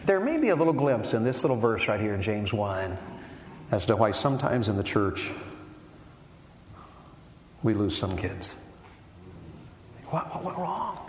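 A man preaching a sermon to a men's meeting, firing rhetorical questions and building to forceful emphasis. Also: lowish voice, sing-song, unhurried, pauses often. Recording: echoey hall with long reverb and faint noise.

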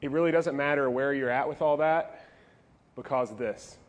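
A male pastor preaching to teenagers in an animated, jokey style with playful asides. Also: mid-range voice, normal speed. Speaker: youth pastor. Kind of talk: youth sermon.

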